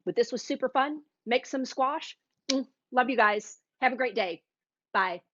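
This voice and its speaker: A woman's voice: high voice, a little slow, a bit bright, no echo. A woman hosting a live cooking demo, chatty and gushing as she talks straight to her viewers. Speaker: cooking class host. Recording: dull, dry live-stream audio.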